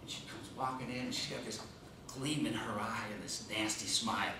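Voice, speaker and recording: A man giving a humorous contest speech, telling a comic story in an animated way. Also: lowish voice, brisk. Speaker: contest speaker. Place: meeting room. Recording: echoey room, distant mic, noise.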